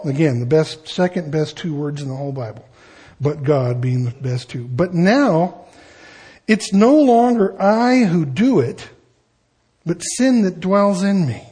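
A man's voice: a little high, darkish tone, husky. A man preaching an expository sermon in a conversational way, with asides and shifting emphasis. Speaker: pastor.

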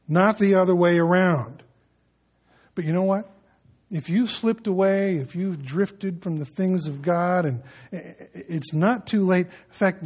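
A high-voiced man preaches a sermon as a pastor. He swings between loud emphasis and soft, hushed appeals, adding folksy asides and light humor.

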